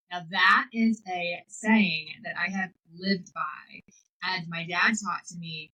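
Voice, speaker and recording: A woman hosting a podcast as a life coach, giving an energetic, enthusiastic motivational talk. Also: fairly low pitch, slow, rough recording. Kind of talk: motivational monologue.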